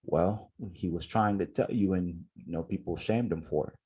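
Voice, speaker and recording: A man with a deep, slightly husky voice talks through his ideas on a casual podcast. He thinks aloud, circles back and fills pauses with "you know" and "right?" as he builds his point. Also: mellow. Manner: reflective, explains points at length with fillers. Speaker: podcast co-host.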